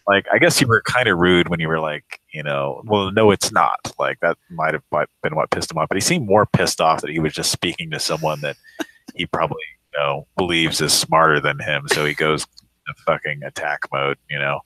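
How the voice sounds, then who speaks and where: A young man with a very low voice hosts a live prank call show. He rambles in loose, profane banter and breaks into laughter. The sound is close and dry. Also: brisk, sharp tone, no room sound, rough recording.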